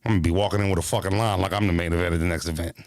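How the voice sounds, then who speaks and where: A man's voice: low-pitched, fairly even intonation, rapid-fire, a little mellow, no room sound. A man streaming casually as a battle-rap commentator, talking in a brash, profane, rambling way and repeating himself.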